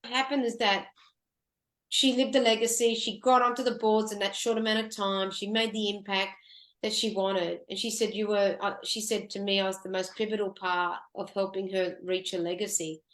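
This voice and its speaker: A woman recounts a moving story as a radio show guest, her speech halting and full of restarts as emotion takes over. Her voice sits at a middle pitch and carries a roomy echo. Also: steady tone, a bit bright. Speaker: guest, photographer.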